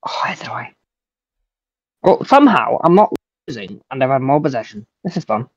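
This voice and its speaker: Young man, sarcastic teasing, mid pitch, muffled lo-fi sound, dry. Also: big pitch swings, moderate pace, no room sound. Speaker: opponent in online game. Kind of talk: casual gaming banter.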